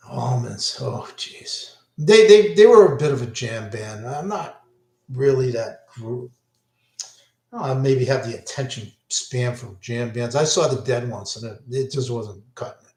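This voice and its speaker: A man's voice: medium pitch, animated, measured pace, a little mellow. An older man, rambling through concert memories in a casual monologue, often breaking off mid-sentence. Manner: rambling, self-interrupting, enthusiastic. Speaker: vlogger recalling concerts. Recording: echoey room.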